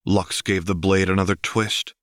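A man with a deep voice narrates a story in steady, measured storytelling. His tone is bright and forceful, and the recording is dry and close, with no room around it. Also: no room sound. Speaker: audiobook reader.

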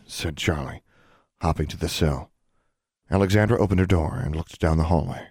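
Male audiobook narrator, deep voice, steady measured reading, dry booth sound. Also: slightly rough, no echo. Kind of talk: scripted storybook narration.

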